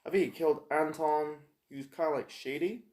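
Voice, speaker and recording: Male reviewer, slightly high voice, rambling, loose delivery full of ums and restarts, echoey room. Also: a little mellow. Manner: rambling, halting, with many fillers and restarts. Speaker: TV episode reviewer. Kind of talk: casual spoken review.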